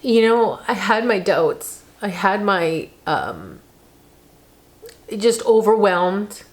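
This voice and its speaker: A woman's voice: medium pitch, big pitch swings, slow. A woman in her thirties talking casually to the camera in a vlog, chatty and emotional, often saying "like". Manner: chatty, emotional, uses lots of "like". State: tearful, on the verge of crying. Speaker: vlogger.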